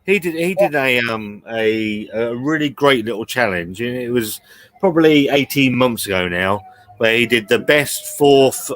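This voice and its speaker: A man's voice: mid-range voice, expressive, measured pace, a bit bright, no echo. A man hosting a casual live stream, bantering in a laid-back way and swearing. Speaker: host.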